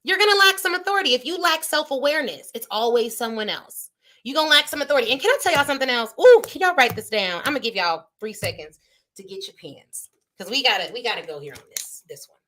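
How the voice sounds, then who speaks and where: Animated and fast-talking, this thirtysomething woman has a fairly high, slightly bright voice. She's a business coach hosting a motivational live stream over phone or webcam, addressing her audience with preacher-like emphasis.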